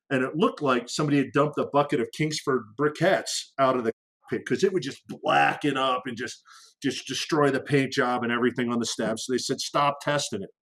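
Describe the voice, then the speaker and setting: A middle-aged man with a voice pitched in the ordinary middle range, telling combat stories in a loose, chatty podcast interview. He restarts sentences a lot and swears casually. His voice climbs sharply whenever he acts out the radio chatter. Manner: animated storyteller who acts out radio calls with sudden loud raised lines; frequent restarts and fillers, profane casual military slang. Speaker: podcast guest, former fighter aircrew.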